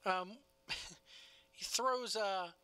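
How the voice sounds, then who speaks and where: A man's voice: high-pitched, very slow, bright, forceful tone, clean tone, no room sound. A man co-hosting a casual wrestling review podcast, laughing often and talking in a loose, cussing way. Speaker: podcast co-host.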